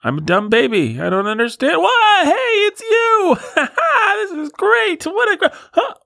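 A man's voice: extremely high pitch, sing-song, measured pace, creaky, pushed and bright, dry recording, studio quality, voice pushed up, exaggerated voice. A man voicing a wide-eyed, easily amazed baby who squeals and whimpers.

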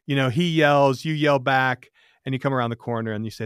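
A man's voice: medium pitch, a little fast, clean tone, no room sound. Man, interviewer, loose rambling talk, mid-range voice, dry recording. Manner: rambling, with many fillers and restarts, animated when joking. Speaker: podcast host. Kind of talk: casual interview conversation.

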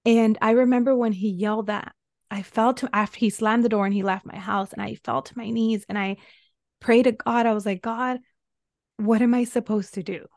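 A woman's voice: on the high side, steady tone, a little fast, a little mellow, dry recording, studio quality. A woman coach, a guest on a podcast, recounting a painful stretch of her life in an earnest, emotional way. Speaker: guest, women's soul embodiment coach. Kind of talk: personal storytelling in a podcast interview.

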